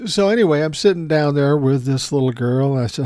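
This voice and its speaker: A man's voice: on the high side, animated, fairly quick, hardly any pauses, darkish tone, no echo, clean studio sound. Wry, profane older man telling stories. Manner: profane, self-mocking and wry. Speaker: host. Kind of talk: casual storytelling monologue.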